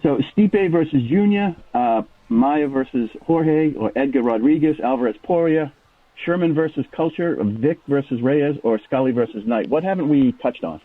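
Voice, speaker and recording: A man's voice: mid-range voice, expressive, normal speed, no echo. Man, boston accent, caller, phone-line sound, dry. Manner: self-deprecating, talkative, lots of restarts. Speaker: radio show caller. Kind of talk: casual chat.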